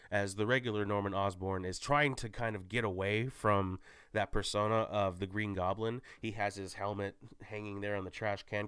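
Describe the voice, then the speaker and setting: A man's voice: fairly low pitch, fairly bright tone, smooth, no echo, studio quality. A man giving a casual, rambling movie spoiler recap, often stopping to correct himself. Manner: rambling, self-correcting, many restarts. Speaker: movie reviewer.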